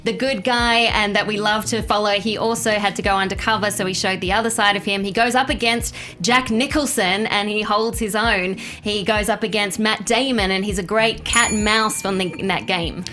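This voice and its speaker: A woman's voice: medium pitch, steady tone, normal speed, hardly any pauses, bright, forceful tone, faint music behind. A woman on a film debate panel, arguing her picks with emphatic enthusiasm. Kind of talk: casual debate.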